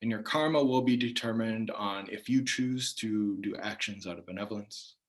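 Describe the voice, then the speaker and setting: Lecturing in a measured way on what words mean, this language teacher speaks in a lowish voice, his phrases frequently fading softly as they finish.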